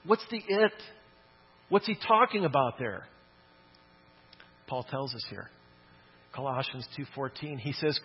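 A man's voice: mid-range voice, big pitch swings, unhurried, long pauses, slightly rough, highs cut off. A man preaching a sermon in a church, talking in a conversational but emphatic way and often asking "okay?". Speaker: pastor.

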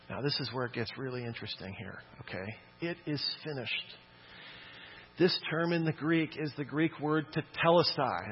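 A man's voice: fairly high pitch, husky, muffled recording. A man preaching a sermon in a church, talking in a conversational but emphatic way and often asking "okay?". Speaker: pastor.

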